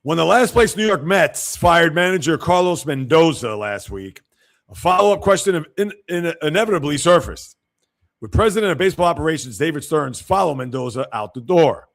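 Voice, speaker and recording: A man hosting a sports livestream, talking in a somewhat high, gravelly voice. He reacts to viewer comments in an offhand way and turns blunt and emphatic when he criticizes. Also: animated, a little fast. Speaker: sports show host.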